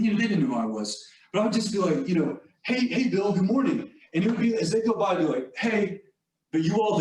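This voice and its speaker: Recorded from a distance in an echoey room, a fairly high-pitched man delivers a motivational leadership talk. He tells a workplace story in a conversational, storytelling manner, sprinkling in asides to the audience along with "like" and "you all."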